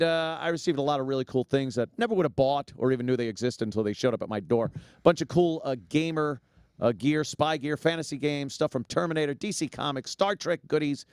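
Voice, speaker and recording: A man's voice: fairly high pitch, brisk, darkish tone, smooth, no room sound, studio quality. Jokey man hosting a talk show. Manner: jokey, laughs often, rambling ad read. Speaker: podcast host. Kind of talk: casual chat and live ad read.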